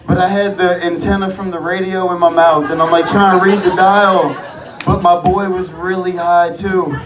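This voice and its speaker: A man's voice: sits high, flat delivery, normal speed. A man doing a profane, rambling open-mic stand-up set on a comedy club stage. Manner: profane, rambling, loose delivery. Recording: echoey club from far off, crowd laughter.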